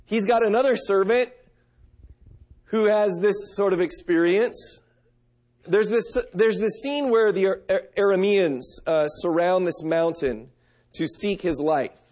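A middle-aged man delivers a sermon in an earnest, conversational manner. His voice sits somewhat high for a man, and he moves easily between reading scripture and talking plainly to the congregation. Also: unhurried, darkish tone. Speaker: pastor.

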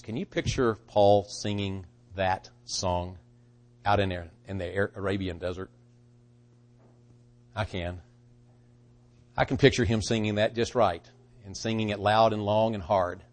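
A man preaching a sermon, swinging from hushed, quiet lines to loud, rising bursts, with halting restarts. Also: lowish voice.

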